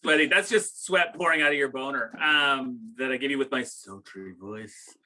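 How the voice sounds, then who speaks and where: A man's voice: mid-range voice, normal speed, pushed and bright, rough recording. A middle-aged man co-hosting a comedy podcast, rambling and joking in casual banter that often trails off mid-sentence. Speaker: podcast co-host.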